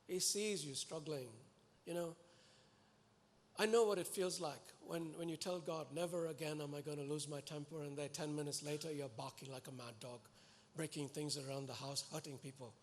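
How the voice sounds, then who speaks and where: A man preaching a sermon to a congregation, earnest and animated, pleading and exhorting his listeners. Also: on the high side, moderate pace. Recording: echoey hall with long reverb.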